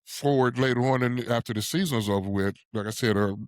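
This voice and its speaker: A man's voice: mid-range voice, quick pace, no echo, studio quality. A man in his sixties from Ohio, a podcast guest telling stories conversationally and chuckling often. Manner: animated storyteller who chuckles often. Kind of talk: conversational storytelling.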